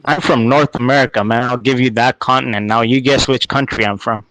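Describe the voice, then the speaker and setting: A man's voice: medium pitch, steady tone, fairly bright tone, dry recording, rough recording. Playful, slightly nasal Canadian man. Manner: playful, teasing, drawn-out guessing game. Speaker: caller. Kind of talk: casual chat.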